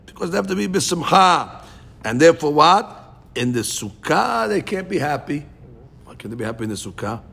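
A man teaching a Talmud class, asking and answering questions in an animated way. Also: fairly high pitch, normal speed, vocal fry. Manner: animated, questioning, mixes Hebrew and Aramaic terms.

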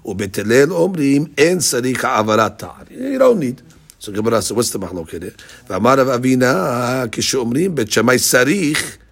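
A man's voice: medium pitch, big pitch swings, moderate pace, creaky, a bit bright, slightly rough. A man teaching a daily Gemara class, asking rhetorical questions and mixing in Hebrew and Aramaic terms. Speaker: Talmud teacher.

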